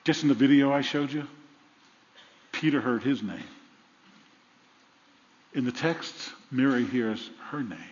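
A man's voice: medium pitch, measured pace, long pauses, a little mellow. A man preaching a sermon, dramatic and humorous, acting out the lines of people in the story. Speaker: pastor. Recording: dull sound with long hall reverb.

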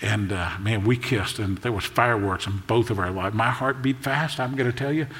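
A man in his sixties preaching a sermon, storytelling in a conversational way with jokes and quick asides. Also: fairly low pitch, a bit bright. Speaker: pastor. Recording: long echo of a large hall.

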